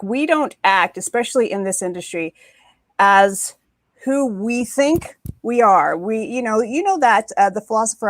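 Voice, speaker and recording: A woman's voice: fairly high pitch, dry recording. A woman on a panel, talking with emphasis and repeating words for stress, heard over a video call. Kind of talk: animated panel discussion.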